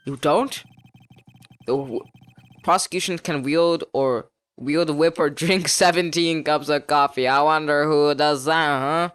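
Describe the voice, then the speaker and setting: A man's voice: on the high side, steady tone, measured pace, fairly bright tone, clean tone. A man streaming a game, reading all the characters' lines aloud in his own voice and laughing at the game as he goes. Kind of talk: casual gameplay reading with commentary. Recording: music behind voice. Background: faint game music.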